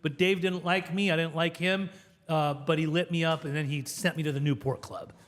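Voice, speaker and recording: A middle-aged man from Southern California tells his story candidly, swearing freely and laughing often. His voice sits a little higher than most men's. The room rings with a long reverb. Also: normal speed. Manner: profane, animated, laughs often. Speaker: podcast guest, addiction interventionist.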